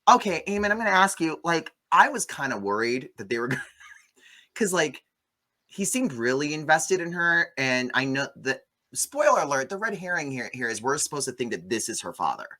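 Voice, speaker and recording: Sarcastic, bright-voiced man. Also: fairly high pitch, fairly quick. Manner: sarcastic, animated, mocking impressions. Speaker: movie review host. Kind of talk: casual chat.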